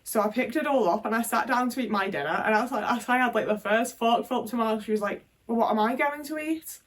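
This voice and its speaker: A British woman speaks frankly to her phone in a loose, rambling monologue, swearing freely and leaning on fillers. Her voice sits a little high for a woman. The phone mic picks her up from a slight distance. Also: quick pace. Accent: British English. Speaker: vlogger. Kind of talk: candid casual monologue. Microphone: phone camera.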